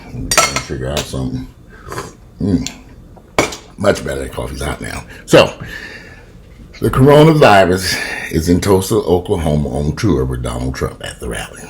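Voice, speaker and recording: A man's voice: extremely low pitch, very animated, moderate pace, pauses often. A man in his fifties ranting profanely and animatedly in a casual home vlog, filming himself on a camera in his kitchen. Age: 50s. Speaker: vlogger.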